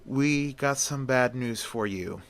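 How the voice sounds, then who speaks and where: A man's voice: mid-range voice, takes it slowly, a bit bright, clear, resonant tone. A man voicing a polite male police officer. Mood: somber. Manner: polite, formal.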